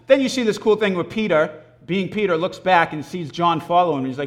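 A man delivers a sermon in a relaxed, talky way, telling a story with lively emphasis. His voice sits high for a man. He clears his throat now and then between thoughts. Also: a little fast, few pauses. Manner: animated, casual storytelling with frequent throat clearing. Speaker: preacher. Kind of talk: conversational sermon.

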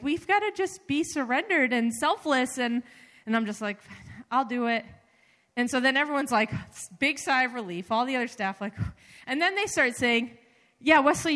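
Woman preaching conversationally in a reverberant hall. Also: sits high. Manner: animated, conversational, many fillers. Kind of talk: sermon with personal stories.

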